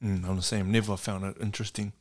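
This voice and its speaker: A man's voice: fairly low pitch, little pitch movement, fast, darkish tone, a little hiss or hum. A man in a casual chat, giving short, sweary replies.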